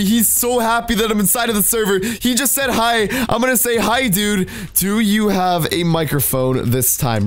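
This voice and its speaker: An excitable male gaming host with a high voice. He talks to viewers in bursts, his pitch leaping up and down. Faint music plays under him. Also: no room sound. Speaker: Minecraft video host.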